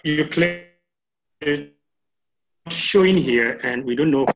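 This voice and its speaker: A man, a pastor in an online meeting, speaking haltingly. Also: a little high, muffled recording. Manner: hesitant, halting.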